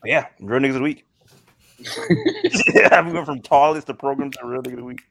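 Young male co-host, lively swooping pitch, laughs easily. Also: a little fast, gravelly, husky. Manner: laughing, animated storyteller. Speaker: podcast co-host. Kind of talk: casual chat.

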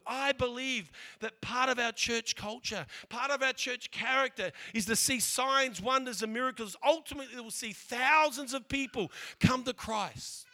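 Australian male preacher, animated storyteller, very high pitch, repeats words. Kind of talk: sermon with funny storytelling.

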